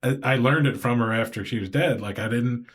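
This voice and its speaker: A man's voice: mid-range voice, fairly quick, a little hiss or hum. A man with a Southern US accent hosting a podcast, chatting casually and rambling as he acts out what people said. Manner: rambling, animated, acts out quoted voices. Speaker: podcast host. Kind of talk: casual interview chat.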